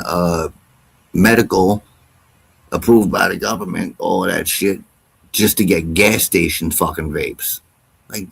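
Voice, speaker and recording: A man's voice: deep voice, vocal fry, husky. A man hosting a casual livestream, talking in a loose, slangy, profane rant. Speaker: livestream host.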